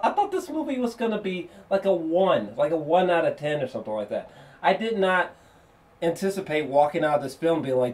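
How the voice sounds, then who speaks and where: A man giving a casual spoken film review, rambling and excitable, with lots of fillers and restarts and free swearing. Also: high-pitched, moderate pace. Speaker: movie reviewer.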